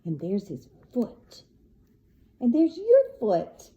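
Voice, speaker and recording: A woman reading a picture book aloud to a toddler at home, animated and sing-song, with gasps and animal sounds. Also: on the high side, slow, highs cut off.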